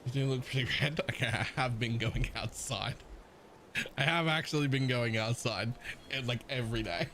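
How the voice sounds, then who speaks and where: Laughing streamer with a half-Australian accent. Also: male voice, medium pitch, moderate pace, pushed and bright, a little hiss or hum, poor audio. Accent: partly Australian. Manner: rambling, laughs often, swears casually. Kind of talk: casual live-stream chat.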